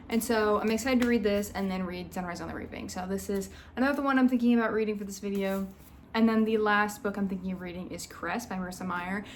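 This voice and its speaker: A woman's voice: mid-range voice, a little hiss or hum. A young woman chatting casually about books she plans to read and ranting about characters, filling her talk with "like". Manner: chatty, lots of "like", ranting and exasperated in the clip. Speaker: book vlogger. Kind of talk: casual reading vlog chat. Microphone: phone propped up.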